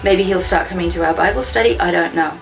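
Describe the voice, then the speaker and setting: A woman giving a personal church testimony, telling her story with animated ups and downs. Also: fast talker, gravelly, distant mic, faint music behind, poor audio. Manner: animated storytelling, voice rising high when excited.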